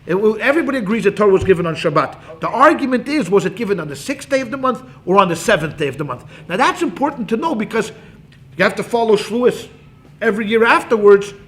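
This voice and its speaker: A man teaching a Talmud class as a rabbi, animated and acting out quotes, quick asides to his students. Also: high voice.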